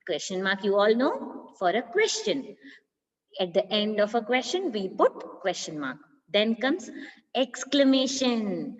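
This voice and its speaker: A woman teacher with an Indian English accent talks a primary class through punctuation, slowly and patiently, her pitch rising and falling a lot. She keeps checking that the children follow. The recording sounds dull and lo-fi, with a long reverb trailing each phrase. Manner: slow, patient, asks for agreement. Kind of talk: primary school grammar lesson.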